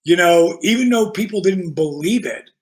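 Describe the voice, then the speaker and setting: A man guest on a podcast, telling casual stories in an animated, profane way and acting out the dialogue. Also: sits high, normal speed. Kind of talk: casual storytelling.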